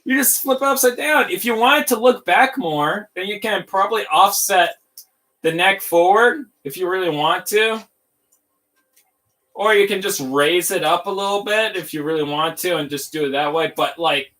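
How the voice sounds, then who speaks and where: Excitable man on a hobby livestream. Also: high-pitched, moderate pace. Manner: excitable, giddy, rambling. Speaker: livestream host building toys. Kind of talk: casual livestream tutorial.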